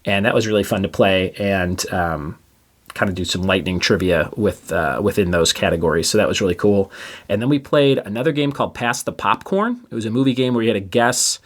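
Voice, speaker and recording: A man's voice: lowish voice, a little fast. A man hosting a trivia podcast, reading each question twice and adding chatty asides between answers. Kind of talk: casual quiz reading.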